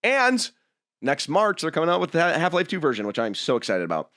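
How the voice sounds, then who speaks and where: A young man hosting a podcast, chatting casually and reading viewer messages, animated and full of restarts. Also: on the high side, brisk. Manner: animated, jumping between topics with laughs and restarts. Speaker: podcast host reading super chats. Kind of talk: casual livestream chat.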